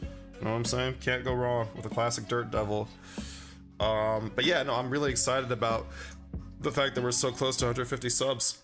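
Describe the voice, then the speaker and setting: With music playing, a man paints miniatures during a livestream, speaking at a moderate pace in a mid-range, level voice. He chats loosely, full of fillers and chuckling, and reads his chat's messages aloud before answering.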